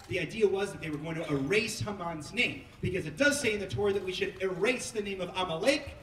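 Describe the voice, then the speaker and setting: Rabbi, male, high-pitched, jokey and teasing with his congregation, recorded from far off in a reverberant hall with faint noise. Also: a bit bright. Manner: joking, teasing, audience-prodding. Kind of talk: playful Megillah reading with asides to the congregation. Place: synagogue sanctuary. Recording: echoey hall heard from far off.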